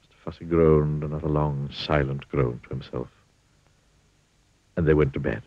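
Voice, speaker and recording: Deep husky man reading a storybook aloud. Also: normal speed, dry recording. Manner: playful and expressive. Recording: dull lo-fi dry recording.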